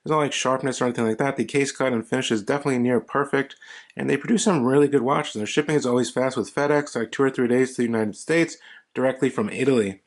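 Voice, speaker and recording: A man's voice: mid-range voice, quick pace. Easygoing man reviewing a watch. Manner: easygoing, repeats praise words ("really, really nice"). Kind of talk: casual product review narration.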